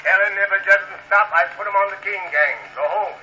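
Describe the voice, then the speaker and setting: A stern judge who hands down brisk, scolding rulings. His voice is fairly high, bright and hard-edged. It is heard on an early cylinder that sounds dull and lo-fi, with a faint hiss. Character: stern, gruff small-town male judge. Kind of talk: vaudeville comedy sketch.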